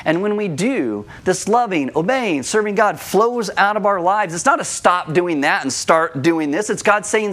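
A man delivers a sermon in a church room, his voice a bit higher than most men's. He speaks earnestly and turns animated when he tells a story, acting out the voices himself. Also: normal speed, hardly any pauses. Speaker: pastor.

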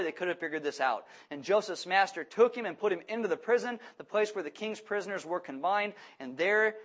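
A man preaching a sermon to a congregation, lively and questioning, acting out voices as he goes. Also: sits high. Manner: animated, acts out voices and asks the audience questions. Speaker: pastor.

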